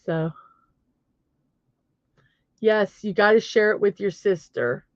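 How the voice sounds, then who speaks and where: A middle-aged Southern woman hosts a daily positivity show, chatting casually on her own at a slow pace in a medium-pitched voice. She giggles, pokes fun at herself, and apologizes whenever she stumbles. The recording is lo-fi with no room sound.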